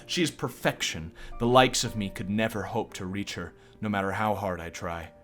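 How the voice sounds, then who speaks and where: A man's voice: lowish voice, normal speed, fairly bright tone, soft background music, close to an everyday voice. A man reading the lines of a lovestruck, shy young schoolgirl narrator aloud in his own plain voice. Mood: wistful.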